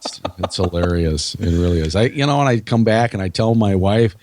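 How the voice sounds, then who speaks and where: A man's voice: lowish voice, lively intonation, brisk, a little mellow, no echo. A man with a Minnesotan accent, a sales trainer speaking as a podcast guest in an emphatic, motivational way, repeating his key phrases. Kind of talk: podcast interview.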